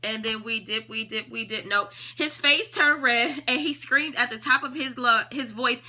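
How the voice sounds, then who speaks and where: A woman's voice: on the high side, normal speed, few pauses, bright, forceful tone. A woman hosting a live-stream book discussion. She talks in a conversational, preacherly way and keeps checking in with "right?". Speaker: live-stream host reading a self-help book.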